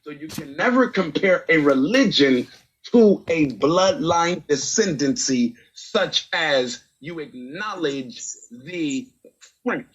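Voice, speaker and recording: A man's voice: on the high side, expressive, slow pace, fairly bright tone, husky, dull audio. A man debating in a voice chat room, emphatic and insistent, often ending points with "right?". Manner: emphatic, keeps asking "right?".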